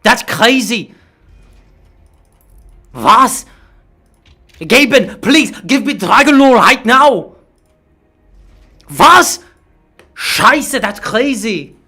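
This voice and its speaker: A man impersonating an angry German-speaking male streamer who shouts German swears into English. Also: very high-pitched, lively intonation, very slow, pauses often, breathy edge, voice pushed up, heavily acted. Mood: outraged.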